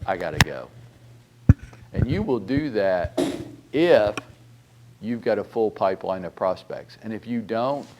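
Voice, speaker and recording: There's slight background noise as a middle-aged man, a real estate broker with a medium-pitched voice, leads a training talk. He's blunt and animated, asking rhetorical questions and swearing mildly along the way.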